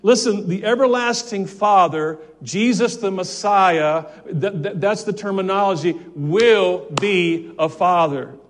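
Guy pastor preaching, fairly high voice, keeps repeating himself, gets loud then drops real quiet. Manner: fervent preaching with repetitions and stammered restarts. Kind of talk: sermon.

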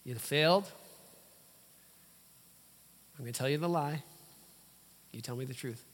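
A man voicing the enemy as a taunting male spirit, speaking slow, low accusations in a church. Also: fairly bright tone.

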